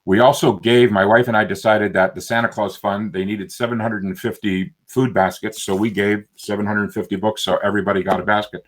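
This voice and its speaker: Low-voiced man telling a lively story. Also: brisk, hardly any pauses. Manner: animated storyteller, acts out quoted voices. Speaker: self-published author. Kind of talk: storytelling in a panel video chat.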